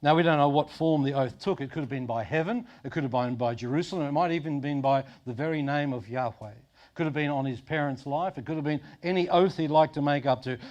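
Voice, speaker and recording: A middle-aged Australian pastor preaching a sermon in a conversational way, dropping to soft low tones for emphasis. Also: male voice. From Sydney, Australia.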